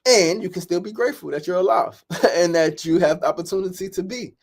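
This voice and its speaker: A man's voice: sits high, brisk, gravelly. A middle-aged man hosting a daily talk show, speaking casually and openly, swearing often, repeating phrases and checking in with "right?".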